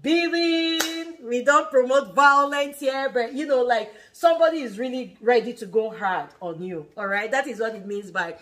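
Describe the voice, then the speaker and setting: Speaking at a moderate pace with few pauses, a Nigerian woman in her thirties hosts her family vlog. Her voice is a little high and a bit bright. As a mother sharing casual teaching chat, she's animated, laughs often, and restarts phrases.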